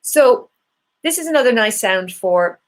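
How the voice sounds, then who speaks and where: Irish woman, singing teacher, encouraging workshop leader, demonstrates vocal warm-ups. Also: fairly high pitch, animated, measured pace. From Ireland. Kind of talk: live online singing workshop.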